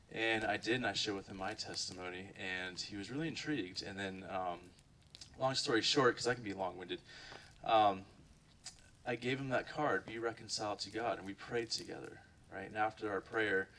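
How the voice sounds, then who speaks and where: Young man from Ohio, lowish bright voice, rambling church testimony, recorded from a distance. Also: slight background noise. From Ohio, USA. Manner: rambling, many fillers and "like". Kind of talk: casual spoken testimony to a group.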